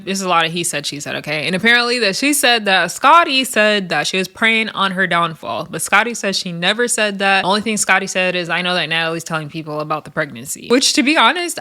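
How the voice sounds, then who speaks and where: A woman's voice: mid-range voice, pushed and bright. A young woman recapping a reality show episode in casual chat, gossipy, laughing often and acting out what people said.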